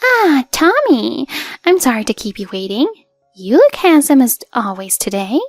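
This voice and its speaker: A high, sugary voice belongs to a smug, spoiled teenage girl, as a woman narrator puts her on. She talks in a cutesy, mocking way over faint music, close and dry. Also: big pitch swings, normal speed, no room sound, exaggerated voice. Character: spoiled bratty teenage younger sister, sassy and smug.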